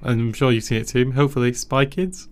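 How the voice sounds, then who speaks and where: A man in casual film chat on a podcast, teasing and quick to laugh. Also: mid-range voice.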